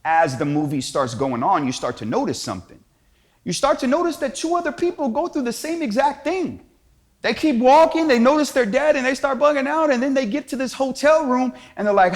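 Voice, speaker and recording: A man's voice: very high voice, animated, normal speed. A man giving an inspirational talk in a casual, slangy storytelling way. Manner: slangy, storytelling, acts out quotes. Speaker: Catholic speaker.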